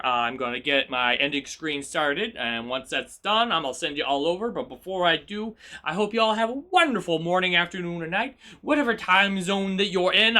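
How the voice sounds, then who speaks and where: A man streaming live, chatting casually with his viewers in a chaotic, energetic way. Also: high voice.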